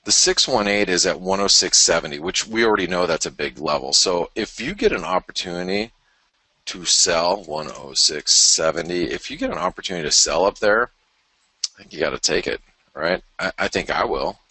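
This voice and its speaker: A man's voice: deep voice, lively intonation, moderate pace, pushed and bright, slightly rough, dry recording. A man hosting a live market show, casually talking through charts as he thinks aloud, with self-deprecating asides. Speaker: forex market commentator, show host.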